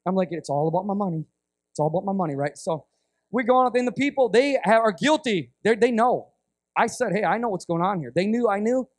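A middle-aged man from the United States preaching a sermon, telling a story in an animated, rambling way that often breaks off and restarts. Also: sits high, no echo, clean studio sound. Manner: animated, rambling, self-interrupting. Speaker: guest preacher.

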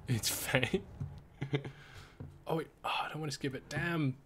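A man's voice: a little high, fairly even intonation, measured pace, a bit bright, a little hiss or hum. A man chatting casually on a game stream, laid-back, chuckling often and swearing casually. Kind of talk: casual gaming stream chat.

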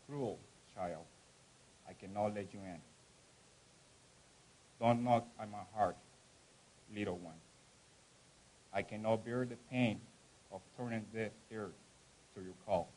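A man reads a poem aloud at a campus event, slow and solemn. His voice sits a little low, and he leans hard into certain words, letting them swell before falling away. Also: a little mellow, rough recording. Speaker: event reader. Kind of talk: poetry reading at a campus event.

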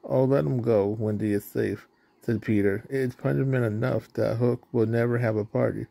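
Male storybook reader, gravelly and mellow, plain delivery with small slips. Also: medium pitch, fairly even intonation, normal speed, no room sound. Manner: plain reading, with slips and restarts. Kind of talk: reading a children's storybook aloud.

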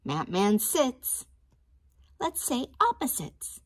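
A woman teacher reading a picture book aloud to young children, with a slow, expressive, sing-song storytime delivery. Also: medium pitch, breathy edge.

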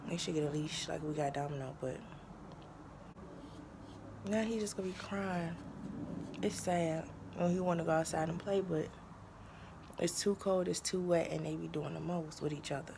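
A woman's voice: deep voice, fairly even intonation, moderate pace, gravelly, long pauses, background noise. A woman vlogging casually from her home kitchen, chatting to her pets and viewers as she cooks. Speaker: lifestyle vlogger. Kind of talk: casual chat.

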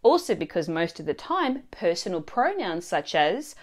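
A woman narrating a scripted language lesson in a clear, expressive teaching manner. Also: fairly low pitch, normal speed. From Australia.

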